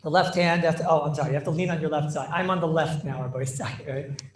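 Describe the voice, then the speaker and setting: A man teaching a lively Torah class as a rabbi, playful and theatrical, mixing in Yiddish and Hebrew terms. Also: on the high side, fast talker, echoey room.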